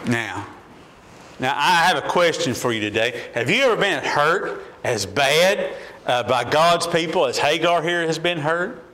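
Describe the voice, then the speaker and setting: A man's voice: a little high, lively intonation, a little slow, sharp tone, low-quality recording. A man preaching a sermon as a pastor, asking the congregation repeated questions and building in intensity.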